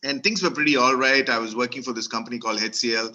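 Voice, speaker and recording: A man's voice: medium pitch, fairly even intonation, quick pace, sharp tone, lo-fi sound. A middle-aged man from Kerala with an Indian English accent, giving a humorous, self-deprecating storytelling talk full of fillers. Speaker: motivational speaker.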